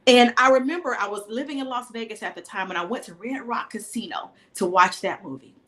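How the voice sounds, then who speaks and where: Middle-aged female wellness coach, fairly high voice, earnest and consoling, a bit preacherly. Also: a little fast, a crowd in the background. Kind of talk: emotional live-show chat with a caller.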